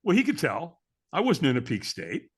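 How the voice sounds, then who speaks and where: A man's voice: a little high, huge pitch swings, moderate pace, breathy edge. A middle-aged man, a podcast guest, telling a story with energy and acting out the voices of the people in it. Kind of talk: animated storytelling.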